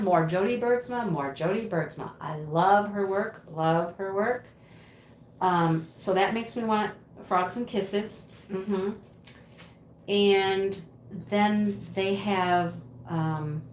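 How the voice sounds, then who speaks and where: A woman hosting a casual livestream, chatting and answering viewers' comments as she reads them. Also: mid-range voice. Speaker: livestream host. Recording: roomy home recording with faint ambient noise.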